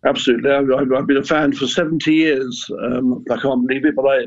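An older man, a former club chairman, answering questions in a radio interview, earnest and halting, often repeating words. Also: medium pitch, fairly even intonation, lo-fi sound, slight background noise.

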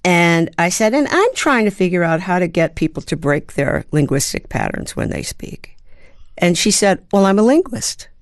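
A woman's voice: lowish voice, expressive, moderate pace, dry recording, clean studio sound. A woman in her seventies from Baltimore, a guest actor and playwright telling stories thoughtfully, with hesitant fillers. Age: 70s. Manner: reflective storyteller, hums rhythms, hesitant fillers. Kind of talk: conversational interview.

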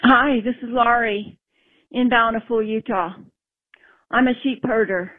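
Woman on a phone line telling her story slowly, kinda high voice. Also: no room sound. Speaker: caller.

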